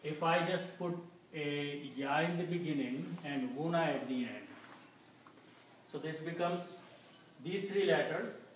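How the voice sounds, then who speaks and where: Male teacher, slightly high voice, patient, repeats words, very echoey room, distant mic. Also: measured pace, a little hiss or hum. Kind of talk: Arabic language lesson.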